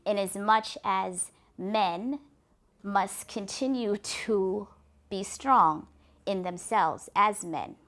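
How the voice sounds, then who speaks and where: A woman telling a folktale and then reflecting on its moral, earnest and lively. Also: mid-range voice, very slow. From Africa. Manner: earnest, lively narration with restarts. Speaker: storyteller.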